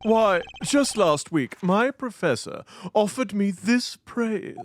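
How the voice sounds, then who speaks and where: A woman's voice: medium pitch, animated, takes it slowly, a little hiss or hum. A woman voicing a nervous, stammering male witness in a game read-through. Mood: boastful. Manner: stammering, exclamatory.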